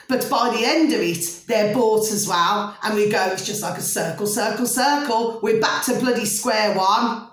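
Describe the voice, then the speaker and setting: A woman talking emphatically to camera in a casual rant, repeating questions to her viewers. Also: on the high side. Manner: repetitive, keeps asking "do you see what I'm saying"; emphatic, peppered with "flipping". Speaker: video blogger. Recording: echoey room.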